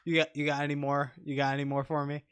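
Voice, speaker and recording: Dry, playful podcast co-host, slightly high voice, dead studio. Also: male voice, monotone, quick pace, fairly bright tone, clear, resonant tone, dry recording. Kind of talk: casual comedic chat.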